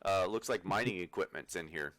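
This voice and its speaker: A man's voice: sits low, a little fast, fairly bright tone, no echo. A man running a tabletop game as game master, narrating casually with lots of fillers and chuckles.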